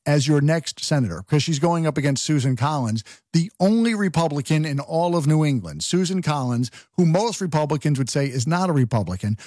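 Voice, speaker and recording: A man hosting a political talk radio show, talking in an animated, opinionated way and firing off rhetorical questions. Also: on the high side, breathy edge, dry recording, clean studio sound.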